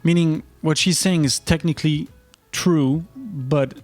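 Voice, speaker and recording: A man giving vlog commentary in a wry, incredulous way, with quick asides. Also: a little high, no room sound, soft background music. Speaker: online commentator.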